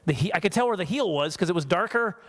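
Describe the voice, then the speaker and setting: A man's voice: high-pitched, expressive, fast, a bit bright. A man from Canada performing a stand-up comedy set in a church hall for a small audience, chatty and self-mocking, slipping into voices for characters.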